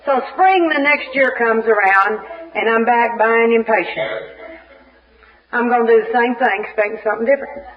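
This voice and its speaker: Woman speaker, recovery share, animated comic storyteller; dull lo-fi tape. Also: a little high, normal speed. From Little Rock, Arkansas. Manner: animated, comic storyteller who acts out scenes. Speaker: speaker at a recovery fellowship meeting. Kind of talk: humorous personal storytelling share.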